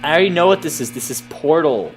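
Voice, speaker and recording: A man's voice: a little high, animated, fast, husky, soft background music. A young man voicing an exasperated male player character in a comedy parody, whiny, sarcastic and easily rattled.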